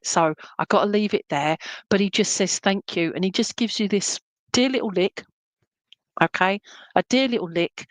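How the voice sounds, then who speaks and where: A woman's voice: on the low side, no echo. A woman giving a live psychic reading, reassuring and chatty, checking in often with "okay?". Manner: chatty and meandering, many fillers. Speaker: psychic medium.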